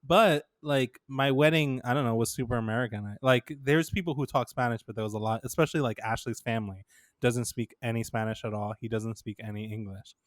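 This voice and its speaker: Speaking fairly quickly at a medium pitch, a man co-hosts a podcast in a relaxed chat, full of laughter as he tells stories and dramatizes quotes. The sound is studio quality with no echo.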